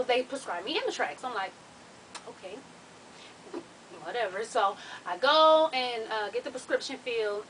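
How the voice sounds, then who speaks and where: A young woman telling a story casually on her vlog, profane and animated, laughing as she goes. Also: sits high, recorded from a distance, slight background noise, rough recording. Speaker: vlogger.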